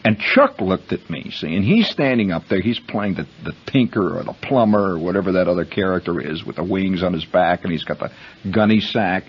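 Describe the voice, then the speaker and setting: A man's voice: low voice, expressive, fairly quick, breathy edge. A man hosting a radio show, telling a long rambling story to his listeners and calling them friends. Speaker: radio host. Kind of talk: storytelling monologue. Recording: muffled vintage radio broadcast.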